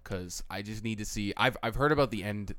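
A young man co-hosting a casual podcast chat, joking and stubborn in arguments, laughing loudly. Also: lowish voice, a little fast, smooth, no echo. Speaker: podcast co-host.

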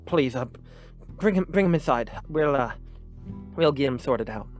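A man's voice: medium pitch, lively intonation, moderate pace, faint music behind, close to an everyday voice. A man voicing a nervous, apologetic female governess who stammers anxiously.

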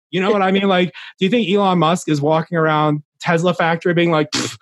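A man's voice: fairly high pitch, steady tone, quick pace, no echo. A young adult man, a podcast guest, talking earnestly in a casual interview, rambling with many restarts.

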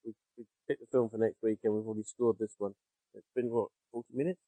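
A man co-hosting a casual film review podcast, sarcastic, with quick quips. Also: lowish voice, fairly even intonation, warm tone, no echo, poor audio. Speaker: podcast co-host.

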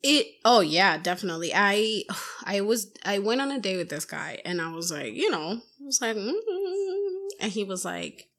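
A woman in casual podcast chat, loud and bubbly, telling animated stories with swearing and quoted voices. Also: mid-range voice, normal speed. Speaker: podcast guest.

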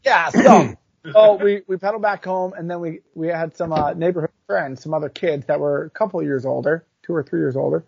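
A man telling a childhood story in casual chat, animated and chatty, full of fillers. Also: a little high, fairly quick, vocal fry, slightly rough, no room sound. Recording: dull lo-fi recording.

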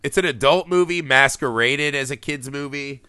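Podcast host, male, bright tense voice, dry close mic, excitable and sweary. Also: mid-range voice, normal speed, clean tone, dry recording. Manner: animated, laughs often, swears casually. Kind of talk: casual podcast film chat.

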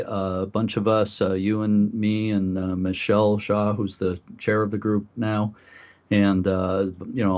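Low-voiced man, halting and full of uhs. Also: darkish tone. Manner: halting, many filler uhs. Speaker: lighthouse group volunteer leader. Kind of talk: casual radio chat. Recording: dull lo-fi recording.

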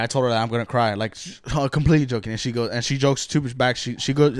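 Young man, podcast co-host, profane rant, smooth clear voice, dry close mic. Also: mid-range voice, quick pace, hardly any pauses, dry recording. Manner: blunt, profane, animated ranting. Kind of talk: casual podcast chat.

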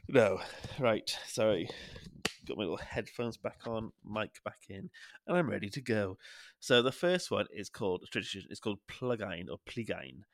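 Welsh podcast host, young man, lowish voice, joking banter, dry close sound. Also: normal speed, dry recording. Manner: playful, jokey, laughs often. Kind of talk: casual podcast chat.

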